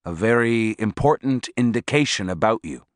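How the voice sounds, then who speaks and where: A man voicing a stern, teasing older male teacher in an audiobook, speaking severely and gruffly. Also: lowish voice, expressive, normal speed, no room sound, clean studio sound, close to an everyday voice. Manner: severe and gruff, then mocking.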